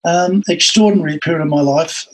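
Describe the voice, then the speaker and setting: Older Aussie male interview guest, husky and slightly high, an animated storyteller. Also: brisk, poor audio. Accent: Australian. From Australia. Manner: animated anecdotal storytelling with acted-out quotes.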